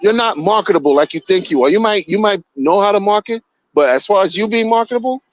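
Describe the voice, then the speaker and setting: A man's voice: high voice, fast, dry recording, poor audio. A man streaming casual commentary, mocking and profane, repeating himself as he rants. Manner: animated, mocking, profane, repetitive.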